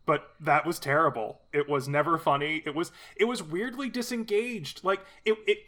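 Blunt man with a bright, higher voice. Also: moderate pace. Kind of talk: casual chat.

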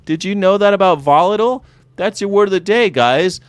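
A man from the United States hosting a casual vegan livestream, animated, laughing often and reading chat aloud. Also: sits high, brisk, clean tone, no echo. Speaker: host of a daily vegan show.

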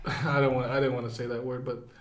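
A man's voice: mid-range voice, flat delivery, a little fast. A man co-hosting a podcast in casual chat, joking and swearing. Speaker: podcast co-host. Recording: echoey room with faint noise.

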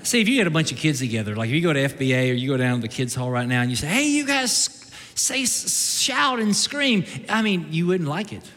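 Animated joking pastor preaching in a hall. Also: male voice, on the high side, brisk. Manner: animated, joking, swings into loud shouts and mock voices. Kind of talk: sermon. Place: church sanctuary.

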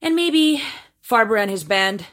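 A woman's voice: fairly high pitch, sing-song, measured pace, fairly bright tone. A woman co-hosting a news podcast with a wry, teasing delivery. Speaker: podcast co-host.

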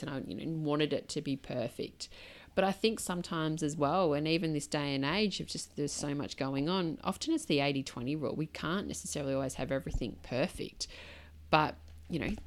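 A woman in her thirties hosting a solo podcast, talking candidly and reflectively in a loose, conversational way full of asides. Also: low voice. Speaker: podcast host.

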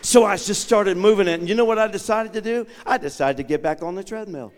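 A man with a somewhat high voice preaches from a church pulpit, and his words ring out in the long reverb of a large sanctuary. He tells his story dramatically, acting out each exchange and moving between hushed asides and loud, fervent proclamation. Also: quick pace. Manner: swings from quiet asides to shouted proclamation. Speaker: guest bishop preaching. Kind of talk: sermon.

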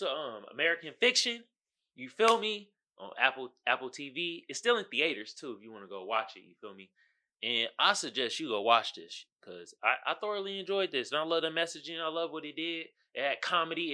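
A man's voice: fairly high pitch, bright, forceful tone. A man hosting his own podcast, talking casually in slangy commentary and often asking "you feel me.". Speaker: podcast host.

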